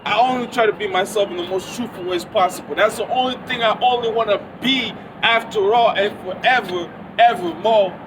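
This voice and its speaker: A man's voice: sits high, fairly quick, hardly any pauses, noisy background. A man rambling through a profane, repetitive monologue into his phone outdoors. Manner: profane, rambling, repeats himself.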